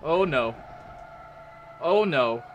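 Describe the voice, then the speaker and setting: A young man commentating his own gameplay, trash-talking a boss with loud yelps and exclamations. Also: fairly high pitch, lively intonation, drawn-out words, muffled recording, a little hiss or hum. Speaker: gamer playing a boss fight.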